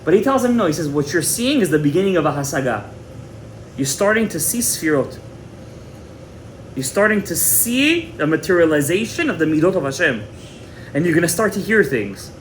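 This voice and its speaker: A man's voice: a little high, sing-song, moderate pace, slight background noise. A man teaching a Torah class as a rabbi, retelling a story dramatically, repeating words and mixing in Hebrew terms. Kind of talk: animated storytelling lecture.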